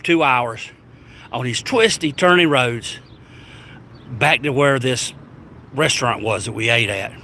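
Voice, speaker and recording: A Southern US man spins a travel tale for his vlog, rambling and stumbling over his words as he goes. His voice sits at an ordinary middle pitch, with faint vehicle noise humming behind him. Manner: animated, rambling, stammering restarts. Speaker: travel vlogger. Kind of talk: casual storytelling.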